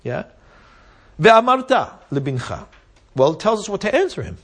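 A man's voice: high-pitched, big pitch swings, moderate pace, fairly bright tone, slightly rough. A man teaching a Torah class, reading Hebrew verses and explaining them step by step, often checking in with "right?" and "yeah?". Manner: reads Hebrew verses aloud and translates them.

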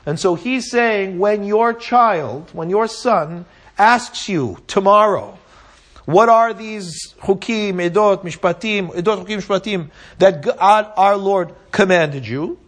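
A man with a high voice teaches a class, reading Hebrew verses aloud and translating them line by line. He explains patiently and keeps checking in with his listeners. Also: slow, a bit bright. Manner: explains step by step, often asks "right?" and "yeah?". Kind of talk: Torah class on the Haggadah.

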